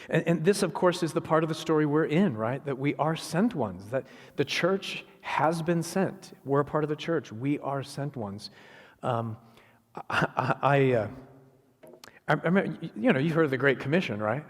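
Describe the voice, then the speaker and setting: Male preacher, conversational sermon, animated asides, long church reverb. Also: on the high side. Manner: animated, acts out Jesus's words in quick asides. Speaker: guest preacher. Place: church sanctuary.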